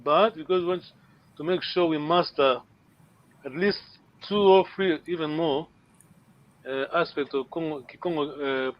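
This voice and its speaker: Halting male teacher on a lo-fi call. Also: fairly high pitch. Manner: halting, repeats words and checks in with students. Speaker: language teacher. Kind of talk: online language lesson. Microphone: video call. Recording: lo-fi online call audio.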